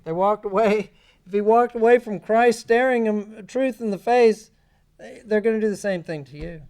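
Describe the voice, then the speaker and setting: A man giving a creation science lecture in a church, animated and sarcastic in his asides. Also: sits high, moderate pace, clean tone. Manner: animated, sarcastic asides, mocking quoted voices. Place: church sanctuary.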